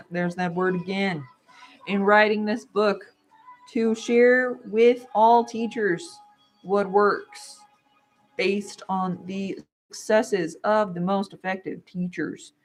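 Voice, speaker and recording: A woman reading a textbook aloud while she studies, dramatic and playful, with quick joking asides. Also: mid-range voice. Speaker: vlogger.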